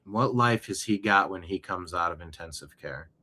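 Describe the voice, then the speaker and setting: A man's voice: low voice, moderate pace, sharp tone. A man hosting his own show, giving opinionated news commentary full of indignant rhetorical questions. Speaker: show host.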